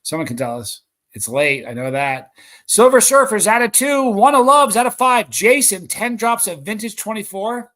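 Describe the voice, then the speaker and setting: A man hosting a live stream, reading viewer comments aloud and calling out excited countdowns. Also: sits high, moderate pace.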